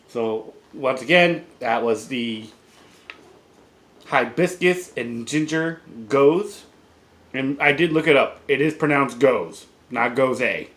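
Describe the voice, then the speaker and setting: A man's voice: medium pitch, takes it slowly. Rambling, swearing male vlogger. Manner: rambling, relaxed, swears casually, drops to a mutter. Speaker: vlogger reviewing beer and vape juice. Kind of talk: casual review vlog.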